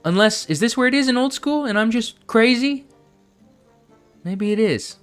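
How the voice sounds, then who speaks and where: A man's voice: very high-pitched, lively intonation, moderate pace, smooth, faint music behind. A man streaming a game live, chatting casually and thinking aloud, often breaking into laughs.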